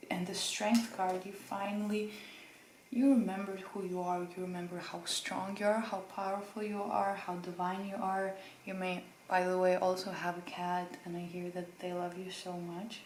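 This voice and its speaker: A woman hosting a pick-a-card tarot reading, speaking gently and reassuringly to the viewer with emotion. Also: medium pitch, reverberant, a little hiss or hum, poor audio. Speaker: tarot reader.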